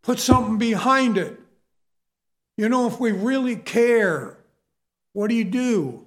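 A man's voice: very high voice, animated, measured pace, a bit bright. A man preaching a sermon in an earnest, emphatic way, often addressing his listeners as folks.

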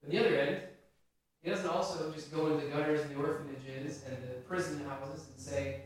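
A man's voice: a little high, fairly even intonation, normal speed. A male pastor preaching a sermon in a conversational way, asking the congregation questions. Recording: very echoey hall, voice from a distance.

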